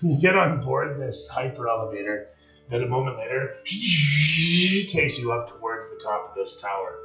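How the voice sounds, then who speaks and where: A man's voice: mid-range voice, lively intonation, normal speed, creaky. A man running a tabletop game on a live stream as game master, describing scenes like camera shots, with many fillers. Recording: echoey, distant, dull sound with faint music.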